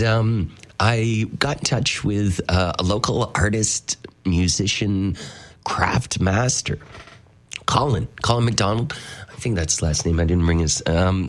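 A man hosting a morning radio show, chatting in a loose, rambling way and laughing often. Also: low-pitched. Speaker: radio host. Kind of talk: casual radio chat. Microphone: studio mic.

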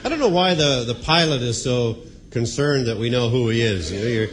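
A man's voice: medium pitch, expressive, a little fast. Wry stand-up comic man. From Canada. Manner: rambling, wry, stammering asides. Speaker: stand-up comedian. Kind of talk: stand-up comedy. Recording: live hall with audience noise.

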